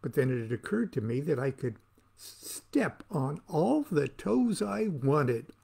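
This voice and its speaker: A man's voice: on the high side, sing-song, takes it slowly, vocal fry, darkish tone, breathy edge. A man reading aloud from his own book, with a wry, theatrical delivery that plays to the listener.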